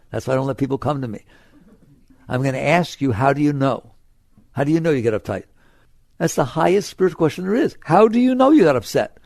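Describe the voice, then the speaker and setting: An older man giving an informal spiritual talk, conversational and full of rhetorical questions, swinging between emphatic and quiet. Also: fairly high pitch, gravelly, no room sound, clean studio sound. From United States. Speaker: spiritual teacher.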